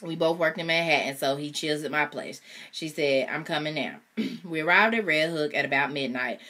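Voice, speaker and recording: A woman's voice: low-pitched, a bit bright. A woman reading a novel aloud, with casual chatty asides. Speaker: reader.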